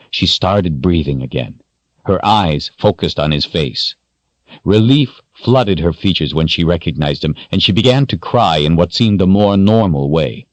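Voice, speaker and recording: A man narrating a fantasy audiobook in a steady, measured way. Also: deep voice, no echo. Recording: dry, dull lo-fi studio sound.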